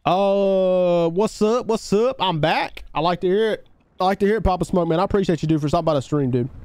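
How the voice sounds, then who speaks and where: High-voiced hyped-up male streamer. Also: brisk, no echo. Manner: hyped shout-outs to chat, voice jumping high on greetings; laid-back, easygoing talk between shout-outs. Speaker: live game streamer. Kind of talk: casual live-stream chat over gameplay.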